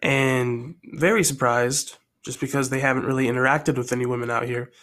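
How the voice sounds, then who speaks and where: A man casually tells a story he is still working out. He rambles and thinks aloud, often pausing to decide what happens next. His voice sits at an ordinary middle pitch. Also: steady tone, fairly bright tone. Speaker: storyteller sharing his own story ideas.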